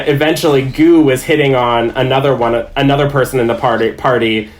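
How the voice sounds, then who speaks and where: A man's voice: mid-range voice, fairly even intonation, normal speed. A man and dungeon master chatting as a podcast guest, telling stories in a rambling, self-amused way. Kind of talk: casual chat.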